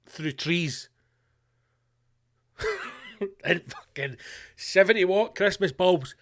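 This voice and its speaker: A man's voice: a little high, expressive, slow pace, pauses often, a bit bright. A Scottish man hosting a podcast, delivering a profane, ranting comic monologue with mock-rallying slogans. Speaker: podcast host.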